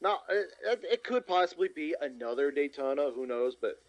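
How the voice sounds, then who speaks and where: Man with a slightly high voice on a lo-fi podcast mic. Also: brisk. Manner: relaxed, rattles off car lists, chuckles. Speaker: podcast co-host. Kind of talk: casual movie podcast chat. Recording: dull lo-fi mic with faint music.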